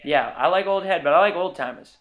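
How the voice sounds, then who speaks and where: A man with a slightly higher voice, chatting casually and dropping wry jokes and quick asides. He sounds playful and conversational as he riffs on a topic. It is a relaxed podcast-style talk. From Boston area. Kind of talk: casual chat.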